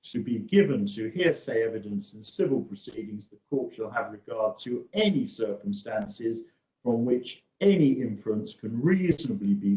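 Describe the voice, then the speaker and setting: A male barrister making formal courtroom submissions over a video call, measured and hesitant, pausing often on "uh". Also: fairly low pitch, dark tone. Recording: echoey room over video link.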